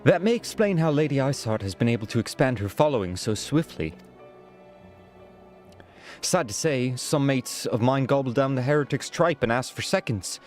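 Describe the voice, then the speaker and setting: A man putting on a rough Irish-accented soldier. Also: mid-range voice, animated, darkish tone, faint music behind, close to an everyday voice. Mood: gossipy. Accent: put-on Irish. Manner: halting, stumbling over lines. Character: rough-spoken male soldier for hire.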